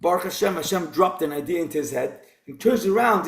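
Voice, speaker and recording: A man's voice: high voice, expressive, fairly quick. Man giving a Torah class in a roomy echo. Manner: conversational, rhetorical questions. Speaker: rabbi teaching a Torah class. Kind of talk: informal Torah lecture.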